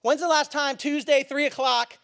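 A man preaching a sermon as a pastor, talking in a lively, conversational and emphatic way with playful asides. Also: very high voice, moderate pace, creaky.

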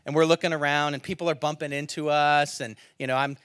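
Middle-aged male pastor, high bright voice, dry close sound, storytelling sermon that swings between loud and hushed. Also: fairly even intonation, fast talker, smooth, dry recording. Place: church service.

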